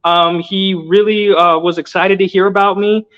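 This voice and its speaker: High-voiced young man, earnest storyteller. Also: steady tone, moderate pace, a bit bright, clean tone. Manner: loose, filler-heavy, earnest. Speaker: guest. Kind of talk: casual storytelling interview. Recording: dull lo-fi audio.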